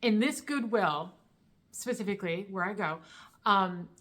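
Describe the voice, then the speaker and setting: A woman's voice: mid-range voice, measured pace, a bit bright. A woman chatting casually and eagerly in a thrift shopping vlog, thinking aloud about her finds. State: out of breath while loading the car. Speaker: thrift vlogger. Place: indoors at home on a couch.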